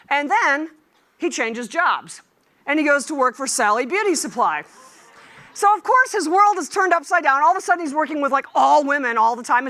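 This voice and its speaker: A middle-aged woman giving a conference keynote, lively and joking with the audience. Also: high voice. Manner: lively and animated, humorous asides to the audience. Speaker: keynote speaker.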